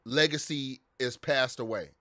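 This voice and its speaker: A man's voice: mid-range voice, unhurried, sharp tone, no room sound, clean studio sound. A man and father telling an angry, profane story as a vlogger, repeating and restarting his phrases as he vents. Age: adult with children.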